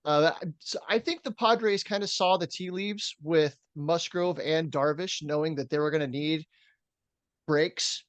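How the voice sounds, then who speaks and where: A man's voice: a little high, unhurried, dry recording, highs cut off. A man co-hosting a podcast, chatting casually about baseball and reading through stats with plenty of fillers. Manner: reads stats in a steady rundown, with fillers. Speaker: podcast co-host. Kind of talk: casual sports chat.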